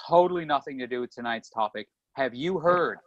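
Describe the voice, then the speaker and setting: A man with a Canadian accent, slightly Australian-tinged, talks in a chatty, animated way as a podcast co-host. His voice is dry and close, with no room around it. The remote audio is dull and lo-fi. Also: medium pitch, brisk, no echo. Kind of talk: casual podcast chat. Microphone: remote call mic.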